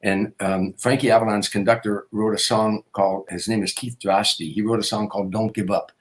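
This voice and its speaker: A man's voice: lowish voice, steady tone, fairly quick. A man in his sixties, a comedian guest, telling a long personal story in an earnest, rambling way. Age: 60s. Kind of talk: storytelling interview.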